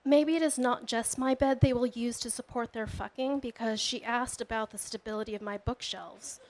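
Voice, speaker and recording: Woman reading poetry, flat high voice. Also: poor audio. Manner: measured, expressive reading of her own prose poetry. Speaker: poet. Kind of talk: literary reading.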